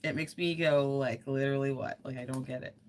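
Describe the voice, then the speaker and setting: A woman's voice: very deep voice, steady tone, a little fast, a little hiss or hum. A woman livestreaming while crafting, chatting casually in an earnest, rambling way with lots of fillers.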